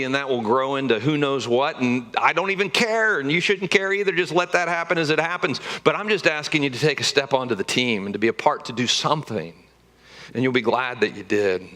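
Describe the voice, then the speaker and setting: A man's voice: medium pitch, brisk, pushed and bright. A man preaching a sermon as pastor of a church, in a conversational and joking way, with emphatic rises.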